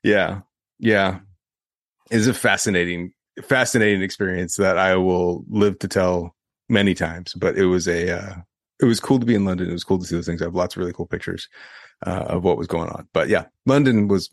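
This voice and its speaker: Low-voiced man telling a lively story. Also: a little fast, creaky, no echo, clean studio sound. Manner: animated storyteller acting out quotes. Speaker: podcast co-host. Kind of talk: casual storytelling chat.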